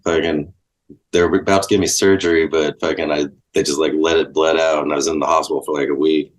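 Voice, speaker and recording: A man telling stories in a relaxed, casual way, swearing freely and saying "like" a lot. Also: rumbling low, fast. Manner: laid-back, swears freely, lots of likes. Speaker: guest. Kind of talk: casual storytelling.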